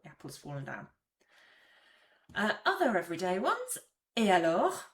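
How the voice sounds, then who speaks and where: A woman explains French expressions in a casual video lesson, chatty and easygoing, slipping into little acted examples. Her voice sits somewhat low for a woman. The recording has a roomy echo. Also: huge pitch swings, normal speed, bright, forceful tone. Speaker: French language teacher.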